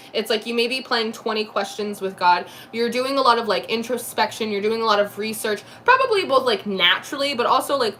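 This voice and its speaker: A woman's voice: on the high side, fairly bright tone, a little hiss or hum. Chatty New woman reading tarot. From New Jersey. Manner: chatty, laughs often, quick asides. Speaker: tarot reader. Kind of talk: live tarot reading chat.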